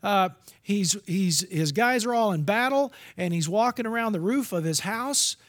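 A man's voice: high-pitched, animated, normal speed, a bit bright. A middle-aged man giving a candid, confessional sermon as a preacher, with restarts and asides.

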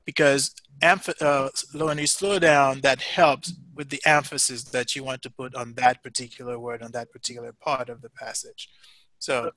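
A man's voice: mid-range voice, flat delivery, moderate pace, pushed and bright, no room sound. A man teaching a class, giving patient, encouraging feedback with many fillers and restarts. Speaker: instructor.

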